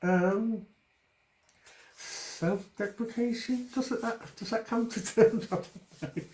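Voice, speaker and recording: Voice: medium pitch, takes it slowly, a little mellow, echoey room. A person giving casual reaction commentary on a comedy clip, amused and giggly.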